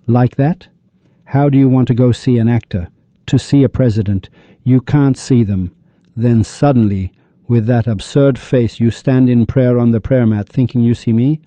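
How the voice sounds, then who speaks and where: A man's voice: medium pitch, steady tone, normal speed, warm tone, no room sound. A man giving an impassioned religious lecture, firing rhetorical questions and scolding his listeners. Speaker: religious speaker. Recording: dull lo-fi dry recording.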